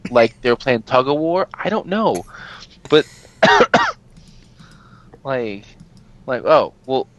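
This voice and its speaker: A man's voice: mid-range voice, takes it slowly, lo-fi sound. Guy ranting thru a story, swears a ton, laughs a lot, voice jumps all over. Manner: animated, profane, exasperated storytelling; laughs often while talking. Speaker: podcast co-host telling a story. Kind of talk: casual chat.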